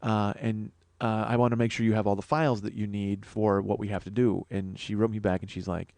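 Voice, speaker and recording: A man's voice: on the low side, flat delivery, brisk, gravelly, a little mellow, dry recording. A man hosting a podcast, telling a rambling comic story in an exasperated, profane, self-mocking way. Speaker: podcast host.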